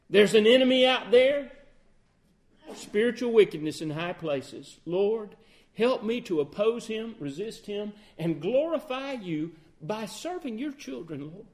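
A man preaching a sermon, asking questions and answering them, swinging between loud emphatic outbursts and quiet, low phrases. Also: big pitch swings, unhurried.

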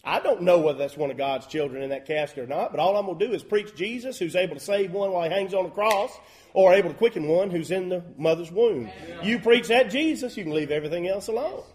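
A man preaching a sermon as a pastor, folksy and emphatic with loud bursts. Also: sits high, fast. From Southern US.

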